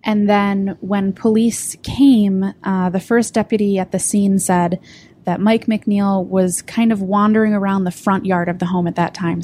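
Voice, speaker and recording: A woman reporter on a podcast, recounting the details of a case in a measured way, with frequent ums. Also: medium pitch, a little mellow, a little hiss or hum. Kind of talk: podcast discussion.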